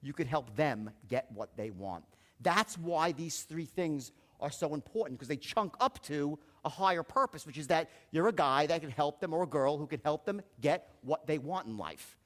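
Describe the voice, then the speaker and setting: High-pitched guy giving a sales seminar, cussing and acting out his stories. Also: big pitch swings, moderate pace. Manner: profane, anecdotal storyteller acting out dialogue. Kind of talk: motivational seminar talk.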